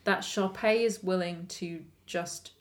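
A woman co-hosting a casual film review chat, chatty and quick to laugh. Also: on the low side, steady tone. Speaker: podcast co-host.

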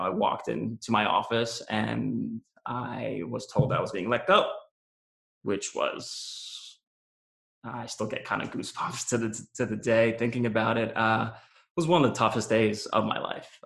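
A man's voice: lowish voice, fairly even intonation, measured pace, gravelly, fairly bright tone. A man being interviewed, telling his own story candidly and reflectively, with lots of "um" and "you know". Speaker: interview guest, business founder. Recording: roomy echo.

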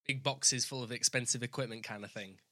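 Brief: Yorkshire man host, bright voice, dry close sound, teasing. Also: medium pitch, steady tone, fairly quick, no room sound. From Northern England. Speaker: interview host. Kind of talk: casual interview chat.

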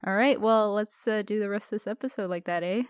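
A woman's voice: mid-range voice, quick pace, smooth, no echo, clean studio sound. A woman from Canada co-hosting a casual podcast, bantering and giggling easily. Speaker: podcast co-host.

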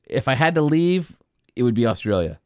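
Animated, jokey male podcast host. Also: mid-range voice, fairly quick, clean tone, dry recording, studio quality. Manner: animated, jokey, reads emails aloud with asides. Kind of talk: casual chat, reading listener emails.

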